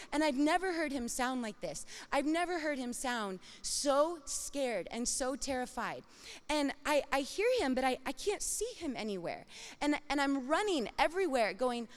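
A mother in her thirties telling a personal story with dramatic, expressive swings between hushed and loud. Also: sits high, moderate pace, long reverb tail.

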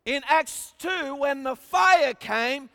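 An Australian man delivers a sermon in a strikingly high voice. He drops to quiet asides, then rises to shouted, emphatic peaks. A long hall reverb trails every phrase. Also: expressive, slow. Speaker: preacher.

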